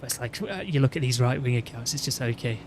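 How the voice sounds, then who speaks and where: A man's voice: mid-range voice, quick pace, noisy background. Rambling man ranting casually. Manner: rambling, with frequent restarts and "you know what I mean". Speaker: gaming video host.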